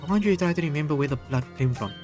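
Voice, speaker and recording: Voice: mid-range voice, lively intonation, very fast, darkish tone, soft background music, natural voice. A player reading a defense attorney in a fan visual novel, coaxing and urgent as they press a witness. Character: pleading, desperate defense attorney.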